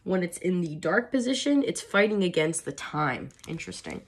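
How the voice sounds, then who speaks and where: A woman's voice: fairly low pitch, expressive, normal speed, few pauses. A woman with a stuffy, nasal voice from a cold, giving a chatty tarot reading and calling listeners darling. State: congested with a cold. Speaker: tarot reader.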